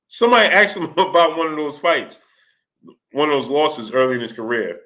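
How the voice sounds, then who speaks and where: Animated man hosting a live stream. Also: fairly high pitch, a little fast. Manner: animated storytelling, laughing, mimicking voices. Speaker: host. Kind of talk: live stream chat, reading Super Chats.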